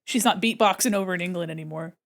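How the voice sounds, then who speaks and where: A woman's voice: fairly low pitch, quick pace, gravelly. A woman from the United States chatting casually while she draws on stream, joking around and slipping into silly voices.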